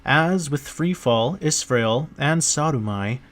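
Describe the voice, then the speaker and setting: A man's voice: on the high side, lively intonation, slow pace, fairly bright tone, pitched above the performer's own voice. A man reading an audiobook, voicing a blunt male noble lord who speaks in a curt, dry way. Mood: firm.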